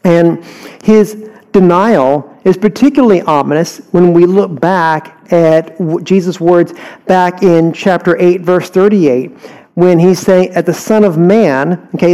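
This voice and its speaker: Brief: Texan man teaching scripture, easygoing, mellow voice, slightly higher pitch. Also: poor audio. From Houston, Texas. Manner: conversational, asks listeners rhetorical questions. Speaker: Bible teacher. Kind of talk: verse-by-verse Bible teaching.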